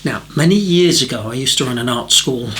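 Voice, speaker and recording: A bright, clear-toned man, middle-aged, talks through watercolour questions in an easygoing teaching manner. He pitches at an ordinary level and keeps it chatty, making light fun of himself as he goes. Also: a little fast, a little hiss or hum. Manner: chatty and self-deprecating, with gentle jokes. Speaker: watercolour tutor. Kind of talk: relaxed tutorial talk answering viewer questions.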